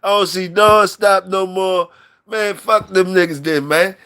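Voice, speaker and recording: A man's voice: sits high, steady tone, unhurried, sharp tone, clean tone. A man hosting a live stream in loose, profane, repetitive banter with his chat, talking on a mic from his workplace.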